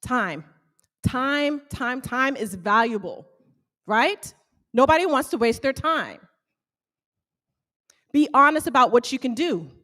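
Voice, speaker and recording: High-voiced, animated woman speaker. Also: takes it slowly, long pauses. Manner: animated, calls out questions to the audience. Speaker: small bakery owner speaking to fellow business owners. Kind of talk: motivational talk to a live audience.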